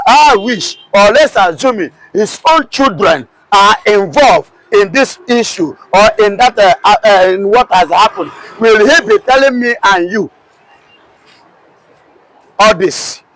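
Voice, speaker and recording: A man's voice: sits high, fairly bright tone, rough recording. A man with a Nigerian English accent giving heated political commentary, firing off repeated rhetorical questions. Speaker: commentator guest.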